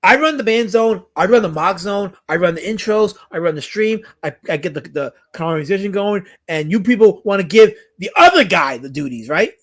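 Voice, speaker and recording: A man's voice: sits high, big pitch swings. A man hosting a livestream in casual banter, ranting in mock outrage and answering the chat. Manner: indignant, mock-outraged rants; fast, restless, talks back to chat. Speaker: livestream host.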